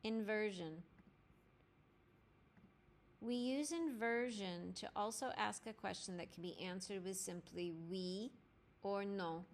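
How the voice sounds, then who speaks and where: Slow, deliberate woman teaching French. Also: medium pitch. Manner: clear and deliberate, spelling out grammar formulas step by step. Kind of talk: slow instructional lesson narration.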